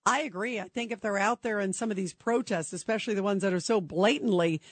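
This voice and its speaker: A woman's voice: mid-range voice, quick pace, no echo. Woman, talk radio host; emphatic, opinionated, interrupts callers; dry studio sound.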